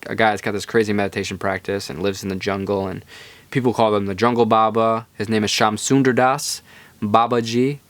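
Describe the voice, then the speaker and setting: Laid-back rambling young man, low voice. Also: dry recording. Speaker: podcast host. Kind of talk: casual storytelling monologue.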